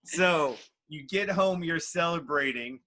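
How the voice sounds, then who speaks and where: A man's voice: fairly high pitch, slow, sharp tone. A man hosting a casual interview podcast, recapping the guest's story and chiming in often. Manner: chimes in with short backchannels, finishes guest's sentences. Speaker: podcast host.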